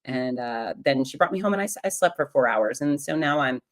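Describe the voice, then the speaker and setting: A middle-aged woman with a notably low-pitched voice tells a personal story. She speaks frankly and with humor, confiding in the listener like a close friend. Her delivery is animated, with sudden leaps for emphasis. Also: fairly quick. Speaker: podcast host.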